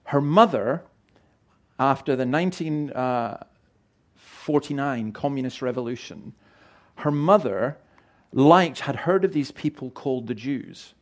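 A man's voice: mid-range voice, expressive, measured pace. A middle-aged man preaching a sermon in an earnest, emphatic way, often restarting and repeating words. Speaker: pastor.

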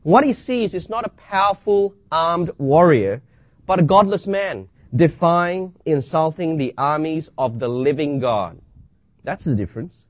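A man preaching a sermon, reading scripture aloud and asking rhetorical questions with dramatic pauses. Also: on the high side, animated, no room sound.

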